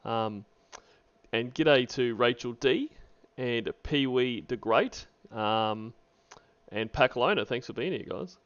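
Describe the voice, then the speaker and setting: A man's voice: mid-range voice, slow pace, fairly bright tone, clean tone, lo-fi sound. A man giving loose, casual commentary on radio calls as a stream host, swearing freely.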